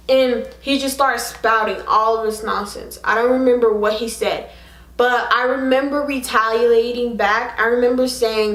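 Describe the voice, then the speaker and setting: Animated young woman vlogger, echoey room. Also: fairly high pitch, moderate pace. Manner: animated, frank, heavy on fillers. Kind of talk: casual storytime to camera.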